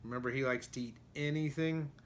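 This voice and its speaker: A man reading a children's picture book aloud in an expressive way, pausing to ask his listeners questions. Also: mid-range voice. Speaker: storybook reader. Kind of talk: children's storybook read-aloud.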